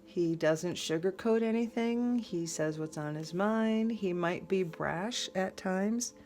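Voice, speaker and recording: Low-voiced woman giving a casual tarot reading. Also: takes it slowly, darkish tone. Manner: rambling, conversational, frequent fillers and restarts. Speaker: tarot reader.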